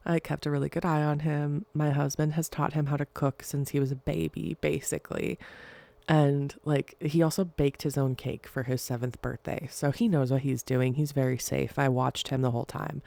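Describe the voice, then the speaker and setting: Woman podcast host, young adult, rambling casual chat, gravelly low voice, dry close sound. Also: steady tone, normal speed, warm tone, no echo. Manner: rambling, chatty, giggly.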